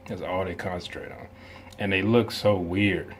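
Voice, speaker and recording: A man's voice: low voice, steady tone, normal speed, slight background noise. A man hosting a reaction video, talking in a casual, rambling way with many asides and some laughs.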